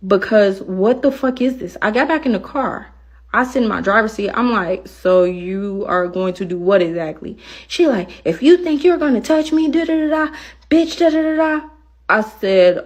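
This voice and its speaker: A woman telling a personal story in a blunt, profane and animated way, acting out the other side of the dialogue. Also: medium pitch. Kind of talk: casual storytelling.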